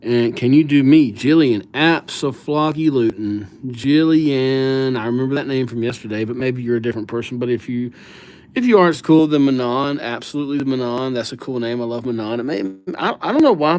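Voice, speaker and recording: A man's voice: medium pitch, lively intonation, fairly quick, darkish tone. A man hosting a casual livestream, chatting loosely with viewers and riffing on their names with silly nicknames. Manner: laid-back, slangy banter with viewers.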